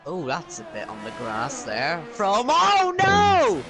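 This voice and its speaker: A man commentating a sim race live, excitable and teasing his co-hosts. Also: medium pitch, unhurried, over music.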